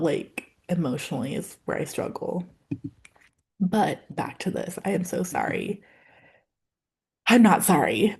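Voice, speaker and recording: A woman's voice: deep voice, a little mellow. A woman vlogger chatting casually about nail polish, rambling with lots of fillers and openly emotional.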